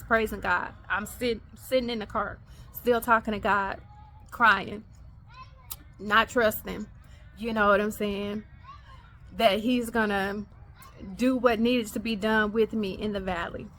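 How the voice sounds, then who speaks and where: A woman's voice: on the high side, a little hiss or hum. Woman telling a personal story. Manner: animated, acts out quoted dialogue. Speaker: podcast host.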